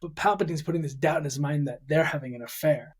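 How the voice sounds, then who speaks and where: A man's voice: fairly high pitch, fast, husky. A man co-hosting a podcast, chatting easily and reading out a script excerpt. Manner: easygoing, reading aloud from a script. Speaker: podcast co-host. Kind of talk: casual chat.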